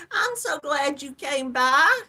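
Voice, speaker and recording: Southern woman, middle-aged, live-stream host, high voice, unhurried, calls people darling. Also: sharp tone. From Georgia, US. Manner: chatty, affectionate, calls viewers hon and darling. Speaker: host greeting live chat viewers. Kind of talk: casual live-stream chat.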